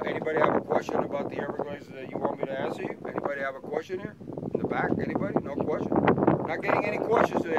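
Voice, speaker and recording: A man guiding an airboat tour outdoors, talking to his passengers in a playful, teasing way and telling stories. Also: a little high. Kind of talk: joking guided tour talk to passengers. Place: outdoors on a moving airboat in wetlands. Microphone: 360 camera mounted on the boat. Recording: loud wind and airboat engine noise.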